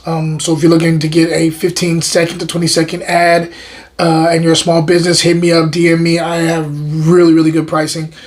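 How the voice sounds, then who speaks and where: A man hosting his own show, tasting and reviewing a wine in a relaxed, enthusiastic way and often repeating his words. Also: fairly high pitch, fairly quick.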